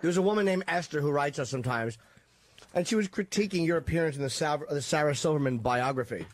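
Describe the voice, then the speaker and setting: A man's voice: on the high side, lively intonation, quick pace. A man co-hosting a radio show, swearing freely and defending himself while telling a story in casual studio banter. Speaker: radio show co-host and comedian.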